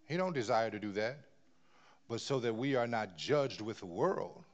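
Preacher swinging from hush to shout. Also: male voice, medium pitch, expressive, normal speed, dull audio. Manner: swings from hushed near-whispers to loud emphatic bursts, many repeated words. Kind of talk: sermon.

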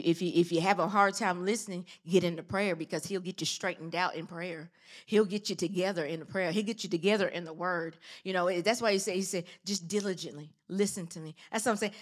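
A woman preaching a sermon, exhorting her listeners with fervent, repetitive calls. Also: mid-range voice. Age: adult with children.

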